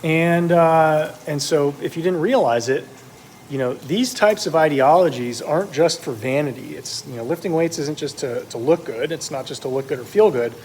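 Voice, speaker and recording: A man's voice: fairly high pitch, moderate pace, a little mellow, slight background noise, poor audio. A man talking while he cooks, rambling with many ums and uhs, as meat sizzles in his kitchen. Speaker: cooking vlogger. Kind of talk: casual talk while cooking. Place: kitchen with food searing.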